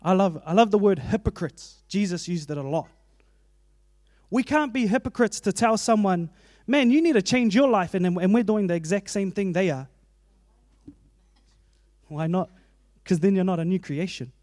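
A man's voice: high voice, normal speed, long pauses, darkish tone, no room sound. Kiwi guy preaching, earnest and chatty, dry close sound. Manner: earnest, conversational, personal asides. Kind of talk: sermon.

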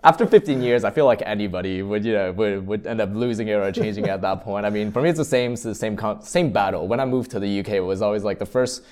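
A man's voice: lowish voice, fast talker, hardly any pauses, darkish tone. A Canadian man hosting an interview, chatty and rambling, with lots of "like" and "you know". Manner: chatty, rambling, says "like" a lot. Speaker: interview host. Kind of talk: casual interview.

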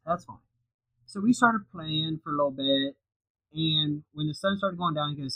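A man co-hosting a casual podcast chat, telling a long personal story in an animated way. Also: fairly high pitch, moderate pace, narrow, tinny audio. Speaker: podcast co-host.

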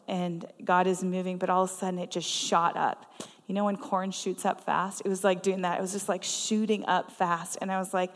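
A woman preaching a sermon in a church, telling personal stories in an earnest, conversational way. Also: medium pitch. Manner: conversational and earnest, with frequent laughs. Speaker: guest preacher. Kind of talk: storytelling sermon. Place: church sanctuary. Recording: long reverb of a church hall.

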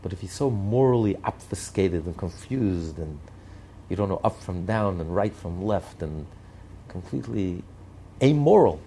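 Male commentator, gravelly, mellow-toned, insistent repetitive delivery. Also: deep voice, lively intonation, measured pace, a little hiss or hum. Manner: emphatic, repetitive rhetorical lists. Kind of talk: impassioned political commentary.

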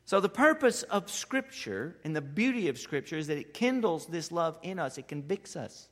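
A man preaching a sermon with passion, building to loud emphatic peaks and then dropping low and quiet. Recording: long hall reverb.

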